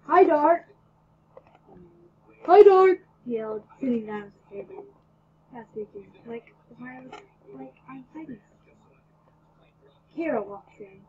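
An excitable woman reading her own fan story aloud, swinging from loud dramatic bursts to hushed mumbles. Her voice sits fairly high. The recording is dull and lo-fi, with a faint hiss behind it. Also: a little slow, pauses often. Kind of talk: read-aloud story narration.

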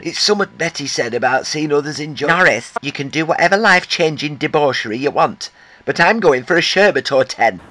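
A man's voice: a little high, pushed and bright. A man, fan-dubbing foul-mouthed, feuding soap characters in a comic, insulting style. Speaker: fan comedy dubber voicing several soap characters.

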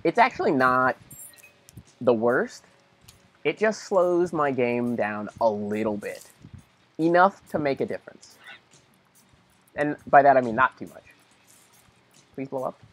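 A man's voice: mid-range voice, lively intonation, a little slow, long pauses. A young man casually rambling through gameplay commentary, tired and easygoing, now and then talking to his dog. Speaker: let's play commentator.

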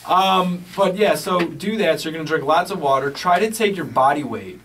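This is a man hosting a casual call-in podcast, upbeat and meandering. He leans on filler words as he thinks aloud. His voice runs a little high, and it comes through a distant mic in a small studio. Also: moderate pace, a bit bright, slight background noise. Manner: rambling, upbeat, lots of "like". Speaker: podcast host. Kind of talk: casual radio-style chat. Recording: distant mic, roomy sound.

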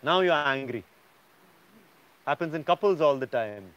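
A man's voice: on the high side, lively intonation, normal speed, fairly bright tone, clear, resonant tone, muffled recording. A man teaching a yoga class, lecturing students emphatically and often checking in with "yeah?".

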